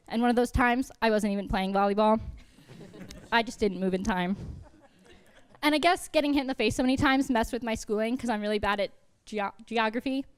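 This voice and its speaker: A young woman comedian performing a self-deprecating stand-up set with a deadpan delivery on a college TV studio stage. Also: fairly high pitch, clear, resonant tone.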